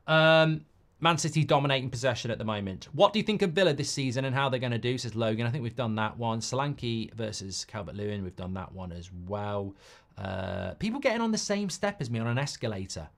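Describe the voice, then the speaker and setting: A man's voice: medium pitch, expressive. Middle-aged man ranting on a watchalong. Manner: ranting, sweary, quick to flare up at players. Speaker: host. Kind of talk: live football watchalong chat.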